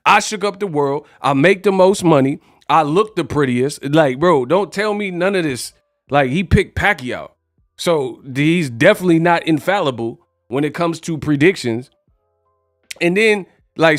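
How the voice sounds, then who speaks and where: A man's voice: on the high side, lively intonation, normal speed, no echo. A young man hosting a casual boxing news vlog, talking in brash, slangy trash talk. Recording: dry voice with faint music.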